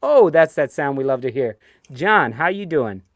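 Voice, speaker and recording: A man's voice: on the high side, very animated, moderate pace, a little hiss or hum. A man with a New York accent hosting a casual football fan live stream, chatty and ranting, reading viewer comments aloud. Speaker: host of a fan show.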